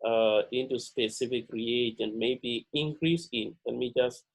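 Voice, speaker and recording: A man giving a pre-lab chemistry lecture, halting and full of "uh" and "all right" fillers, repeating key words for emphasis. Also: medium pitch, vocal fry, low-quality recording.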